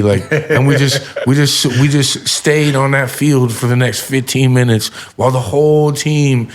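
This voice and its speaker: A man's voice: mid-range voice, fairly even intonation, unhurried, few pauses. A man hosting a podcast, telling a personal story in an earnest, heartfelt way. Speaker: podcast host. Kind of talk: casual podcast conversation.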